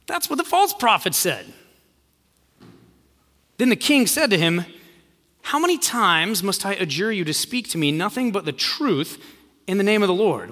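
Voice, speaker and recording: A male preacher with a high, bright voice delivers a sermon and retells the story, voicing its quotes in an easy conversational way. His voice carries a long reverb from a church hall. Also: lively intonation, moderate pace. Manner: storytelling, acts out quoted lines in a casual voice.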